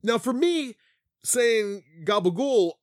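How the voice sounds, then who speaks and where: Casual podcast co-host, male, high-pitched, loose and profane, dry close sound. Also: expressive, takes it slowly, no room sound. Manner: rambling, swears freely, heavy use of "like". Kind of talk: casual chat.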